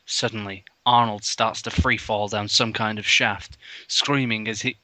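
A man reading a badly written story aloud for comedy, mocking its spelling and bursting into loud, over-the-top dramatic lines. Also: lowish voice, steady tone, unhurried, no echo. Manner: bursts into loud exaggerated outbursts, mocks spelling. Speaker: comedy reader of fan fiction. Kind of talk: mock dramatic reading with commentary.

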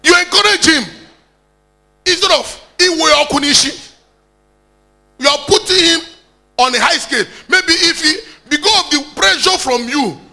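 A man's voice: very high-pitched, expressive, normal speed, gravelly, bright, forceful tone. A Nigerian man preaching a sermon, exhorting the congregation and calling out for hallelujahs.

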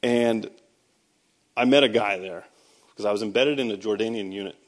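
Speaking at a moderate pace in a somewhat low voice, this American man, an army veteran turned Christian speaker, gives a testimony sermon. He tells his story casually, salting it with sarcasm and bursts of emphasis.

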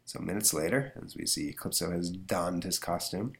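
A man's voice: low voice, normal speed, few pauses. A man hosts a casual comic book podcast and walks through the panels of an old comic. He talks in a chatty, offhand way, with fillers while he finds his place. Laughs break into his reading now and then. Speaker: podcast host.

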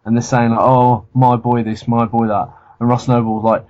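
A man's voice: mid-range voice, flat delivery, normal speed, darkish tone. Sweary man ranting on a podcast. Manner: blunt, sweary, laughs at his own rants. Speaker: podcast co-host. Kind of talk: casual comedy chat. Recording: dull lo-fi podcast audio.

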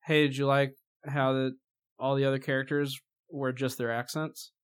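A man in casual chat reviewing a movie, mocking and animated, swearing freely. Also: mid-range voice, moderate pace, clean tone.

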